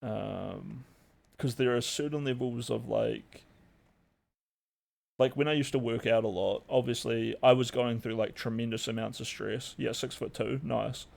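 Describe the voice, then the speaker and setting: Young aussie guy on a stream, gravelly voice, rambly and sweary, lots of likes and ums. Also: medium pitch, measured pace, a little mellow. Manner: rambling, heavy swearing, many fillers. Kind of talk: casual live-stream chat.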